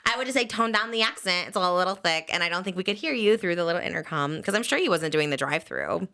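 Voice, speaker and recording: A young woman hosting a podcast, chatting casually and quickly with lots of "like"s. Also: lowish voice, expressive, vocal fry, sharp tone, clear, resonant tone. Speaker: podcast host. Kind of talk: casual chat.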